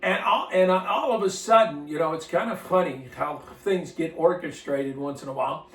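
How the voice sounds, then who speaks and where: A man's voice: fairly high pitch, normal speed, a bit bright, distant mic. A man who is a minister, telling a story in a casual, folksy, rambling way and often repeating his words. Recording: roomy sound from off-mic.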